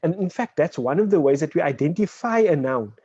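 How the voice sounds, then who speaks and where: A man teaching an online Arabic class. He explains patiently, checks in with "right?" and says example words slowly. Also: on the high side, expressive, dark tone, slightly rough, dry recording. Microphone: video call. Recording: dull, dry online call audio.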